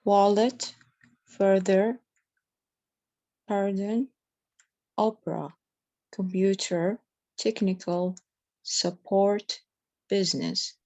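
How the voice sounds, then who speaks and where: A woman's voice: mid-range voice, steady tone, drawn-out words, pauses often, mellow, dull audio. A woman student repeating practice words carefully and hesitantly in a pronunciation class.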